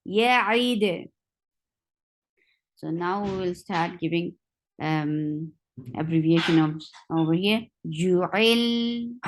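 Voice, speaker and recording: A woman teaching Quran recitation, sounding out each word slowly and repeating it several times. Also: lowish voice, poor audio. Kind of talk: slow tajweed lesson with drilled repetitions.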